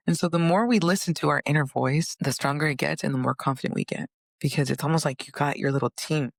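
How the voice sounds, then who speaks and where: A woman telling her personal story in an earnest, animated way, acting out inner voices and conversations as she goes. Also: a bass voice, fast, creaky, dry recording, clean studio sound. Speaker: vlogger.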